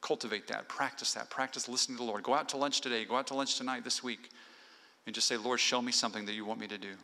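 A man's voice: mid-range voice, fairly even intonation, fast talker, vocal fry, sharp tone. A male pastor preaching an earnest sermon in a church, exhorting the congregation point by point. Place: church sanctuary. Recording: long hall reverb.

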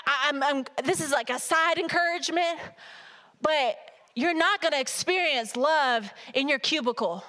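High-voiced, animated woman preaching. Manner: animated, humorous, talks to the congregation directly. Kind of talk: sermon.

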